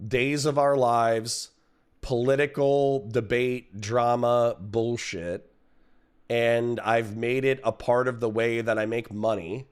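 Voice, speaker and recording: A man's voice: mid-range voice, clean tone. A middle-aged man hosting a casual livestream, ranting about online drama with profanity and frequent laughter. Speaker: livestream host.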